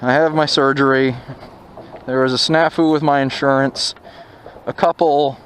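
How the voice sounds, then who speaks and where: A young man vlogs from his motorcycle, sharing a story from his own life with casual, wry candor. He speaks at a moderate pace in a steady, fairly bright mid-range voice over loud wind and traffic.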